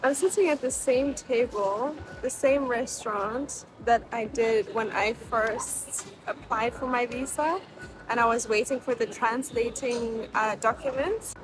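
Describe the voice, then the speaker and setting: Chatty high-voiced woman. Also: measured pace, noisy background. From South Africa. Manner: chatty and emotional, many fillers like "like". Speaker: vlogger. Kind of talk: casual vlog chat to camera. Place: outdoors on a hot city street, then a restaurant.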